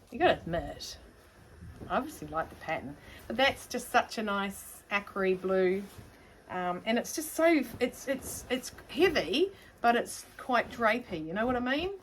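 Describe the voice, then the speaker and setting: A woman's voice: mid-range voice, fairly bright tone, slight background noise. Middle-aged New Zealand woman, casual sewing vlogger, rambling and self-deprecating. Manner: chatty, rambling, self-mocking. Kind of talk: casual chat to camera.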